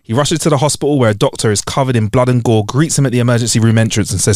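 A man's voice: mid-range voice, racing, few pauses, a little mellow, no room sound, clean studio sound. A man hosting a comedy podcast, chatting in slang and reading jokes aloud. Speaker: podcast host. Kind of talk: casual chat and joke reading.

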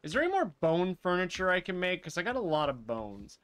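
A man's voice: sits high, a little fast. A man streaming a live playthrough, chatting animatedly with viewers and swearing freely as he reacts to the game. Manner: animated, swears freely, talks to his chat and to characters on screen. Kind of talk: live gameplay commentary.

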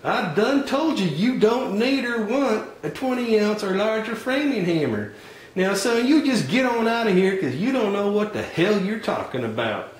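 A man's voice: high-pitched, very animated, normal speed, roomy sound, voice pushed up. A man doing a cocky hardware salesman. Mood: condescending. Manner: drawling, condescending, boastful. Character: pushy folksy male hardware salesman, overconfident.

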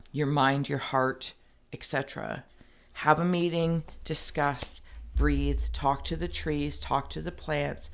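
A woman with a low, gravelly, creaky voice takes the viewer through a tarot reading, speaking directly to them. As a tarot reader, she rambles and meanders, saying "like" plenty of times.

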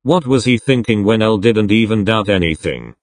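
A man's voice: on the low side, animated, normal speed, dry recording, lightly acted. A man voicing an angry, heartbroken young man who swears bitterly and gets defensive.

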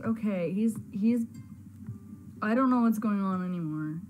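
A woman's voice: medium pitch, measured pace, pauses often, a little mellow, soft background music. A woman hosting a gaming video, giving flustered, exclaiming let's-play commentary with frequent stammers.

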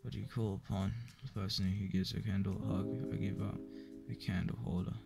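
Man, low voice, raspy fry, weary joke-book reading, profane asides. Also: little pitch movement, fairly quick. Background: clear background music.

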